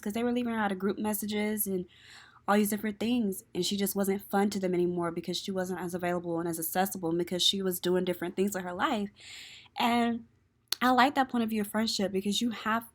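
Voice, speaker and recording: A young woman hosts a casual talk show. She tells stories in a chatty, animated way and laughs easily. Her voice sits at an ordinary pitch for a woman. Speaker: podcast host. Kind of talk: casual chat and show recap.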